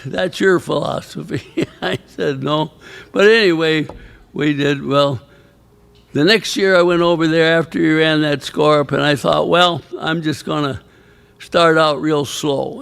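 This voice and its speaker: An older man, a retired coach being inducted, gives a rambling, anecdotal storytelling speech in a banquet hall at an awards ceremony. His voice is fairly high, smooth, a bit bright, with vocal fry and a slightly slow pace. He chuckles along and quotes other people.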